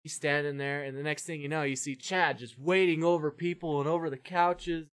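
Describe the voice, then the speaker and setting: A man hosting a podcast who tells a long story in a rambling, animated way, swearing freely and acting out the voices of the people in it. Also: on the high side, a little fast. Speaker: podcast host. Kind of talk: casual storytelling chat.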